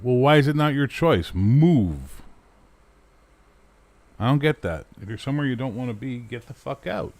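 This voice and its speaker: A man's voice: medium pitch, expressive, normal speed, long pauses, a little mellow. A man from Canada hosting a casual chat show, rambling sarcastically and swearing freely while he answers viewers. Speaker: talk show host. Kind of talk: casual livestream chat reading viewer comments.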